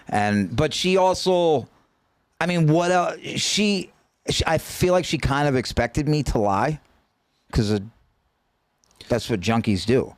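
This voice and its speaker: A man's voice: mid-range voice, lively intonation, measured pace, no echo. A man telling his story as a podcast guest, talking casually and profanely, with many restarts and stammered repeats.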